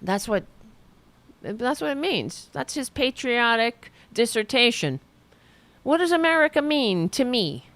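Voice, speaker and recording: A woman's voice: a little high, sing-song, unhurried, a bit bright, a little hiss or hum. Sardonic woman comedy host. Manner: sardonic, lecturing. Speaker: podcast host. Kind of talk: political comedy commentary.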